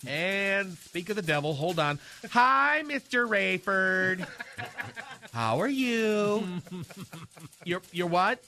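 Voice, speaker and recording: Radio sketch: a man putting on a flamboyant, gossipy gay man, high and swooping, drawn out, over noisy hiss. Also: animated, takes it slowly, sharp tone, heavily acted. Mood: chatty. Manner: fussy, theatrical, talks to unseen people. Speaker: comedy sketch character on a radio show.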